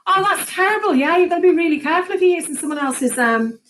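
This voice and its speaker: A woman's voice: very high-pitched, lively intonation, fast, a bit bright, a little hiss or hum, rough recording. A woman hosting a gardening live chat, chatting casually and laughing often as she reads viewer comments aloud.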